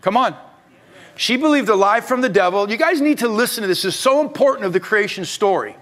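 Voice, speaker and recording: A middle-aged male pastor preaching a sermon, swinging between loud urging and quiet, confessional talk. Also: sits high, expressive, a little fast.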